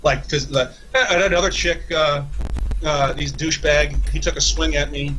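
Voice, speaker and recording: A man's voice: a little high, steady tone, normal speed, background noise. A man, a podcast guest, telling a long, profane story in a rambling, casual way, with many restarts.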